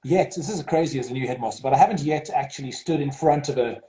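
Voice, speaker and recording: South African headmaster with a mellow voice. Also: male voice, mid-range voice, fast talker. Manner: hesitant, many fillers and restarts. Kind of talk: interview over video call. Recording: roomy echo.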